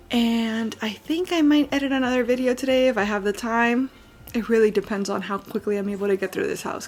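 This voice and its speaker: A woman's voice: mid-range voice, vocal fry. A tired woman in her thirties from the United States, chatting casually to camera in a daily home vlog, rambling with fillers and yawns. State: tired, yawning. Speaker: vlogger. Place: at home, indoors.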